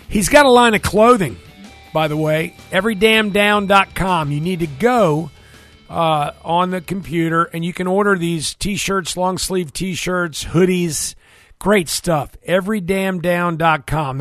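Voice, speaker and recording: A middle-aged man hosting sports talk radio, rambling and joking loudly at a studio mic. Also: fairly high pitch. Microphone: studio microphone.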